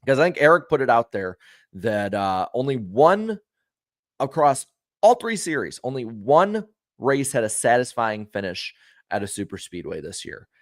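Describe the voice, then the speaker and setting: Man, racing talk host, frank and opinionated, casual chat, mid pitch, dry sound. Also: very animated, normal speed, dry recording. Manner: friendly to viewers. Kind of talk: casual pre-race talk.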